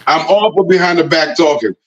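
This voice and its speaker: A man joking in laid-back casual talk-show banter, trailing off low. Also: expressive, brisk, crowd noise. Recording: dull lo-fi audio.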